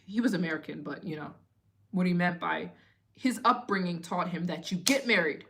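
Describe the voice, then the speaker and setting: A woman in her late twenties, chatting casually and telling stories in an expressive way as the host of a live Q&A stream. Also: fairly low pitch, moderate pace, background noise. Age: 20s. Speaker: travel vlogger hosting a live Q&A.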